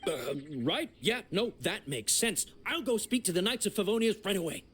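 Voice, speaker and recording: A man's voice: high-pitched, big pitch swings, moderate pace, a bit bright, slight background noise. Brief: a flustered young guy, tripping over his words, voice jumping around. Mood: nervous. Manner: nervous, stammering, defensive. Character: jittery young man caught in a shady deal. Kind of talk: video game voice acting.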